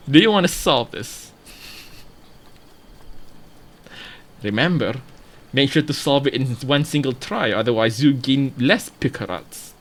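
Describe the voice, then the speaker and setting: A man's voice: medium pitch, lively intonation, measured pace. A man doing a pompous British detective. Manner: formal, mannered speech.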